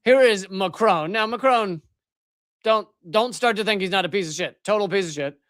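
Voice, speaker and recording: A man's voice: high-pitched, moderate pace, a bit bright, no room sound, studio quality. A man hosting a live political commentary show, ranting sarcastically and profanely, often restarting his sentences. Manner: rambling with restarts. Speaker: host.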